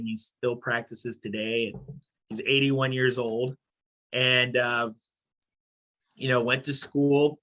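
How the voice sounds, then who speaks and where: A middle-aged man from Haiti and New York, speaking as a podcast guest in a thoughtful, measured way. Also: mid-range voice, sharp tone. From born in Haiti, raised in New York. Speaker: podcast guest, company CEO. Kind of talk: casual podcast interview.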